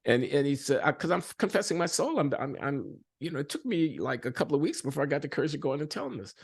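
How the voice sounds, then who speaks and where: Older man, halting reflective talk. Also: a little high, gravelly, slightly rough. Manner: halting, with many restarts and fillers, animated when retelling stories. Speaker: interviewed economist. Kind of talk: reflective conversational interview.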